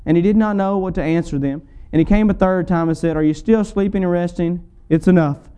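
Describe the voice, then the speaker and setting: Male pastor, sermon, emphatic repetition, high pitch, smooth resonant tone. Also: a little fast, dark tone, lo-fi sound. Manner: preaching with rising fervor, emphatic repetition.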